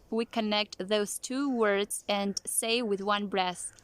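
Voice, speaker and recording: A woman teaching pronunciation, repeating example words slowly and deliberately. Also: mid-range voice, steady tone, smooth. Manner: slow and deliberate, drawing out each example word.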